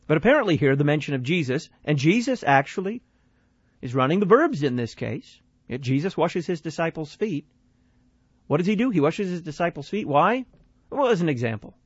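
A man's voice: on the high side, very animated, brisk, slightly rough, dry recording, muffled recording. A male radio host giving analytical commentary, posing questions and answering them himself.

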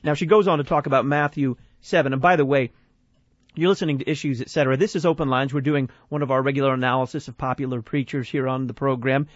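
A man's voice: mid-range voice, fairly even intonation, fast, no echo, highs cut off. A male radio host giving analytical commentary, posing questions and answering them himself.

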